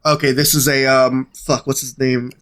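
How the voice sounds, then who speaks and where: A man on a podcast tossing out quick, jokey quips in casual chat. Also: medium pitch, little pitch movement, fairly bright tone. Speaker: podcast co-host.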